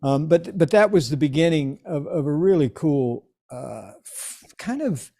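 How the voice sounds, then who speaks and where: Dark-voiced man telling a story. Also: on the high side, unhurried, vocal fry. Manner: animated storyteller, acts out quoted voices. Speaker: interview guest. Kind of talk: storytelling anecdote.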